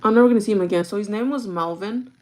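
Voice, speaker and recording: A young woman rambles casually through a personal story for her vlog, speaking very fast in a medium-pitched, darkish voice. She uses plenty of fillers and switches languages mid-sentence.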